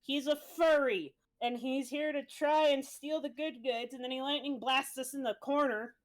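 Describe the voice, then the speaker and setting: A woman streamer casually recapping a tabletop game session, swearing freely as she tells it. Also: high-pitched. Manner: profane, breezy storytelling.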